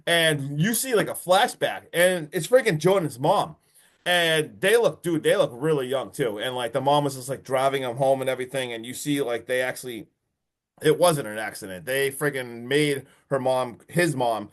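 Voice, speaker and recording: Excitable man recapping a horror film. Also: mid-range voice, moderate pace. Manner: excited, swears a lot, many fillers. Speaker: podcast co-host. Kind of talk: casual movie recap.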